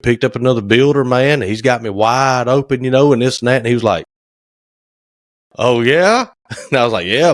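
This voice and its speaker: A man's voice: mid-range voice, no echo, clean studio sound. A man, co-hosting a casual podcast chat and acting out phone calls as he tells stories. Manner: folksy storyteller, acts out phone calls. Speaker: podcast co-host, cabinet maker.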